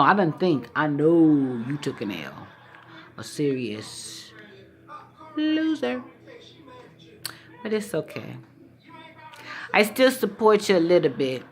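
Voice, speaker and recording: Low-voiced woman teasing playfully. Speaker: vlogger. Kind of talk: casual talk to camera.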